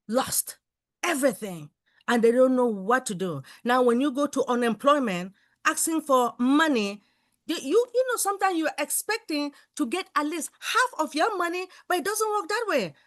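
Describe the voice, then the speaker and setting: A woman talking as a guest on an online talk show, telling animated stories full of asides over a video call. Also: sits high, moderate pace. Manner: animated storytelling with many asides. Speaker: guest speaker. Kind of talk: casual talk-show chat.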